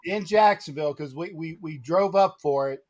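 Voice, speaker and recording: Brief: male guest, high pitch, eager and a bit stammering. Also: normal speed, a little mellow, dull audio. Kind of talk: casual chat on a live show.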